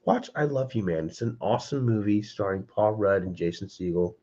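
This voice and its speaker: A man's voice: fairly low pitch, expressive, brisk, a little mellow. A man hosting a casual livestream, chatting loosely with viewers from home and calling them by name. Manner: loose and chatty, addresses chat by name, says "dude". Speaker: livestream host. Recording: slightly dull lo-fi stream audio.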